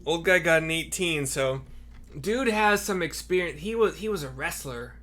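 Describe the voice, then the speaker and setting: A man's voice: fairly high pitch, normal speed. A man running a tabletop game as game master, narrating casually with fillers. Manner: relaxed, with fillers, breaks into laughs.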